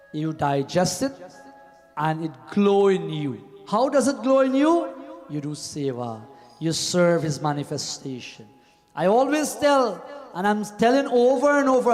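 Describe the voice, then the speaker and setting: A high-pitched man preaches a devotional sermon as a pandit in a temple hall. He often sinks into a low murmur on repeated refrains. His voice carries a long reverb, with faint music underneath.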